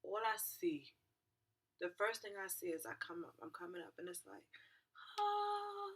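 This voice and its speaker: A young woman telling a story to her viewers in a lively, profane, slangy way. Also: fairly low pitch, moderate pace, husky. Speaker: vlogger. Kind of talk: storytime vlog.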